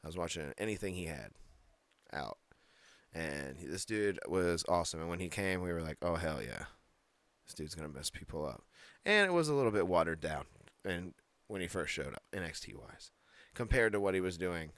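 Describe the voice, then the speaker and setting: A man co-hosting a casual wrestling podcast chat, excitable and joking as he rambles. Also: low voice, a little fast, no echo. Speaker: podcast co-host.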